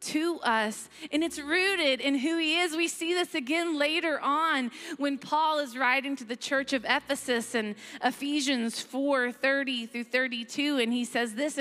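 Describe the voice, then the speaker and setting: Bright-voiced woman preaching in a hall. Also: high voice, a little slow, hardly any pauses. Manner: conversational, reads scripture aloud, playful asides. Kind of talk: sermon. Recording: long hall reverb, faint music.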